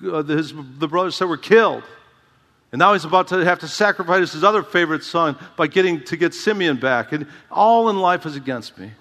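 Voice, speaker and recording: A man's voice: on the high side, a bit bright, long reverb tail. A man preaching an expository sermon, calling out for "Amen" and repeating words as he drives his points home. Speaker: pastor.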